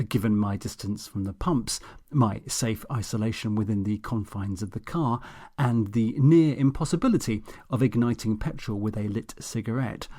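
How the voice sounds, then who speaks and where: A man's voice: on the low side, warm tone. A man reading a comic audiobook in a dry, sardonic, self-mocking way. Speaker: audiobook narrator.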